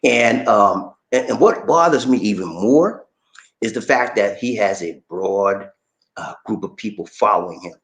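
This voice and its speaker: A man hosting a casual livestream, reading viewer comments aloud and reacting to them in a lively, talkative way. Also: lowish voice, unhurried. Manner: animated, shouts catchphrases, reads comments aloud and reacts.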